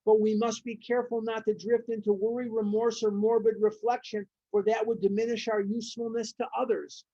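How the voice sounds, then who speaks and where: A woman's voice: fairly high pitch, level tone, fairly quick, dark tone, no echo. Emphatic woman leading a recovery study. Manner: emphatic, repeats phrases for stress. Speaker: recovery study group leader. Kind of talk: reading aloud and commenting on a recovery book. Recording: dull, muffled audio.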